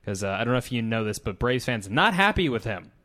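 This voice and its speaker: A man's voice: medium pitch, very animated, fast talker, a bit bright. A man in his twenties co-hosting a casual sports podcast into a studio mic, rattling off game results and laughing easily. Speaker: podcast co-host. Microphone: studio mic with pop filter.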